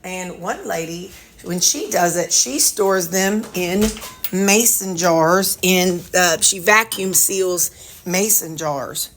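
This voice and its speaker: A woman's voice: lowish voice, slow, fairly bright tone, a little hiss or hum. Rambling, chatty woman. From Missouri, US. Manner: rambling and chatty, trailing off with ums. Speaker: weight-loss vlogger. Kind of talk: casual vlog chat. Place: at home.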